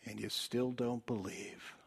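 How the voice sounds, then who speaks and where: A male preacher giving a dramatic evangelistic sermon in a church, swinging from loud appeals to hushed whispers. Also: mid-range voice, flat delivery, unhurried, gravelly, slightly rough.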